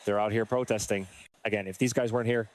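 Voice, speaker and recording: A man's voice: fairly low pitch, steady tone, fast talker. A male military veteran in a street interview, talking earnestly and hesitantly, thinking aloud as he goes.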